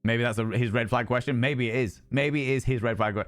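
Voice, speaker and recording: A man's voice: medium pitch, a little fast, no room sound. Sweary guy streaming a game. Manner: animated, sweary, reads game text aloud. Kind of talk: casual gameplay commentary.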